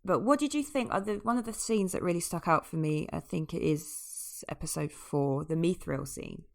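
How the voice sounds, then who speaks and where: A deep-voiced woman co-hosts a casual podcast chat. She rambles with enthusiasm, drops half-finished sentences and circles back to her point. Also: normal speed, vocal fry. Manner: chatty, enthusiastic, trailing off mid-sentence. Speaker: podcast co-host.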